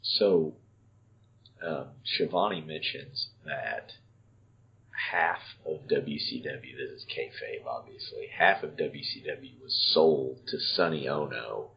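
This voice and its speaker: A man co-hosting a casual podcast, recapping an old wrestling event in a wry, deadpan way. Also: rumbling low, slow, vocal fry. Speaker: podcast co-host. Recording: dull lo-fi podcast audio.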